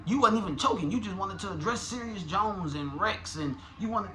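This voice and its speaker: Animated slangy man reviewing battle raps. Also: sits high, moderate pace, slight background noise. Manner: animated, slangy, profane, restarts often. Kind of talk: casual commentary.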